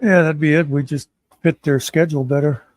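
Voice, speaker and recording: A man's voice: a little high, steady tone, fairly quick, a little mellow, no room sound. Easygoing joking American man. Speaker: stream host. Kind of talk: casual live-stream chat.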